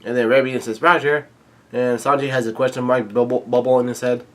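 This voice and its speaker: A man recapping a comic chapter in a casual, halting read-aloud. He pauses with ums and restarts often, his voice at an ordinary middle pitch. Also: little pitch movement. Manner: hesitant, many ums and restarts. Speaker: manga reader-reviewer.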